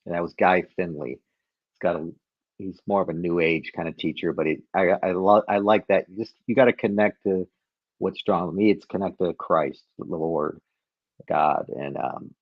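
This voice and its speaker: Guest, man with a low voice, chatty storyteller who laughs a lot, dry and dull lo-fi sound. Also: moderate pace, dry recording. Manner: chatty, laughs through stories. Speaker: podcast guest, company head. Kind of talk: casual storytelling.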